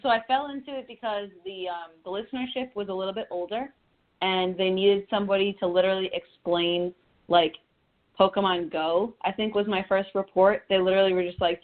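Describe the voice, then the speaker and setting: A woman's voice: mid-range voice, fairly even intonation, a little fast. A young woman from Connecticut, a singer-songwriter, chatting in a phone interview, laughing easily and often restarting her sentences. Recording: tinny phone line.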